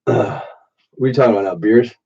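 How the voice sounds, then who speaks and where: Against a noisy background, a medium-pitched male voice talks fast. The man, in his late thirties with a stuffy allergic nose, is drinking and telling rambling, profane stories on a late-night live stream through a muffled, dull default mic.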